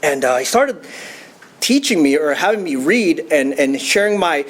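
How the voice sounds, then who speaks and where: A man's voice: on the high side, big pitch swings, normal speed. A young man telling his personal recovery story to a meeting, casual and chatty with fillers and laughs. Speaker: AA speaker.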